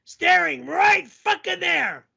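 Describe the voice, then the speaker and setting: A man putting on a loud, yelling middle-aged male character and telling a rambling story full of shouting and swearing. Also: extremely high pitch, lively intonation, takes it slowly, creaky, muffled recording, voice pushed up, full character voice. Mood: ranting. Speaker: show host.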